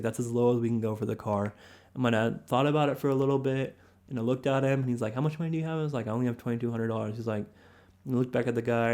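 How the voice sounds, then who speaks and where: A young man hosting a podcast, telling a personal story in a relaxed, slangy way and quoting the people in it. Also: medium pitch. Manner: laid-back, slangy, quotes others a lot. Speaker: podcast host. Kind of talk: casual storytelling.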